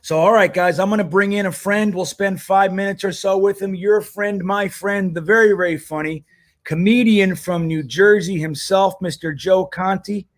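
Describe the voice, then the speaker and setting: A man's voice: sits high, steady tone, moderate pace. A man hosting a casual livestream, talking loosely and rambling, swearing now and then. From United States. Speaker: host.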